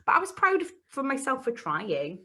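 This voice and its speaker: A woman's voice: sits high, moderate pace. A young woman, a podcast co-host, telling a story in casual chat and acting out the voices she quotes. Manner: animated, acts out quoted voices. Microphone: home mic, live streamed call.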